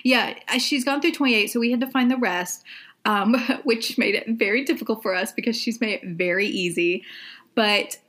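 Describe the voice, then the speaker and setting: A woman's voice: on the high side, normal speed, a bit bright. Chatty young woman podcast co-host. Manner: chatty, lots of "like" and "um" fillers. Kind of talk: casual podcast chat.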